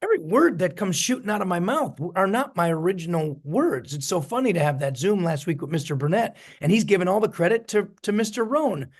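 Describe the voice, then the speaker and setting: A middle-aged man giving an energetic, preachy motivational talk on a video call as a network marketing mentor, repeating his key phrases. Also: high-pitched, a little fast, few pauses.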